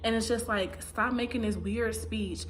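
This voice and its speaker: This is a woman in a casual recap, talking freely and voicing her opinions. She leans on fillers and slips into quick impressions of the people she describes. A faint background noise sits under her voice. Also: fairly even intonation. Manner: chatty, opinionated, acts out quotes with big pitch jumps. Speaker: recap commentator.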